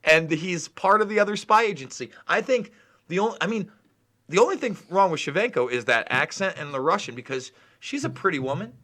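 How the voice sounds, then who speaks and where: A man hosting a casual podcast, his voice bright and tense, rising and falling with lively swings. He talks in an animated way, swears freely and often breaks into laughter. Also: sits high, a little fast. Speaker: podcast host. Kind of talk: casual sports chat.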